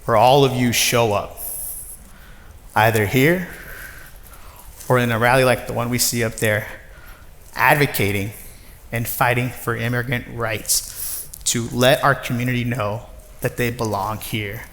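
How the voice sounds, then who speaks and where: A man in his thirties giving a personal storytelling talk to an audience, lively and acting out the voices of others. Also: mid-range voice, a little slow, pauses often. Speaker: nonprofit director giving a talk. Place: large former factory floor before an audience. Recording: long reverb of a large hall.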